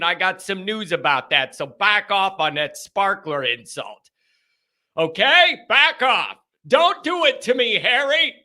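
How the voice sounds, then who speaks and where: A man's voice: a little high, sharp tone. A man hosting a live sports call-in stream, talking casually in an emphatic, rambling way and repeating himself. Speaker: sports call-in show host.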